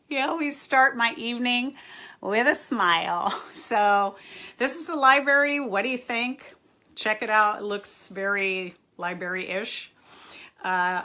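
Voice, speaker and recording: A bright, crisp-voiced woman from Southern California hosts a casual live-stream chat from a library room at home. She is upbeat and hyper, greets viewers by name and laughs often as she talks straight to the camera. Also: mid-range voice. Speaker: therapist hosting a live chat.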